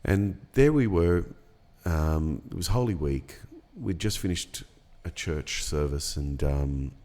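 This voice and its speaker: A middle-aged man, telling a personal story in a casual podcast chat, unhurried and reflective with many pauses and ums. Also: a bass voice, warm tone. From Australia. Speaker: podcast guest.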